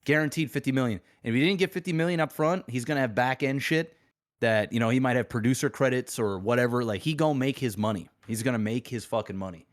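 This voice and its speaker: A man's voice: mid-range voice, quick pace. A man co-hosting a casual podcast, speaking in a blunt, confident way and swearing freely. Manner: blunt, profane, confident speculation. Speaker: podcast co-host.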